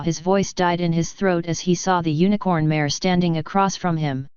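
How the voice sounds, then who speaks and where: Brief: woman narrator for fan fiction, low pitch, very smooth clear voice, dry lo-fi recording. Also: fairly even intonation, moderate pace, hardly any pauses, darkish tone, no echo. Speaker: fanfiction reader. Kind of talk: audiobook narration.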